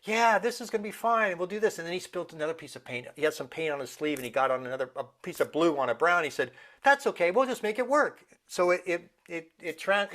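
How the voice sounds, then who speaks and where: A man's voice: fairly high pitch, a bit bright. A middle-aged man speaking earnestly in a casual interview, now and then acting out the voices of people he quotes. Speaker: guest, meditation teacher.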